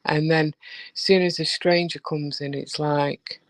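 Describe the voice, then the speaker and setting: A woman chatting as a guest on a live stream, telling animated stories and acting out the voices in them. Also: low-pitched, unhurried, dry recording. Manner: animated storyteller who acts out voices. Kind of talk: casual chat.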